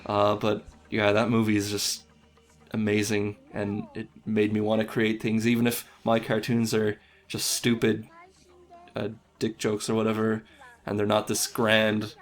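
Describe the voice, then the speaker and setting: A young man, an animator, talking casually in an interview, rambling and self-deprecating, with casual swearing. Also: fairly low pitch.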